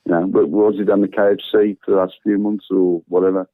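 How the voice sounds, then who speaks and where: A man's voice: low-pitched, flat delivery, fast. A man calling into a live phone-in, chatting bluntly and swearing about football, laughing often. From English Midlands. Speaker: phone-in caller. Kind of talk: casual football chat. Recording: tinny phone line.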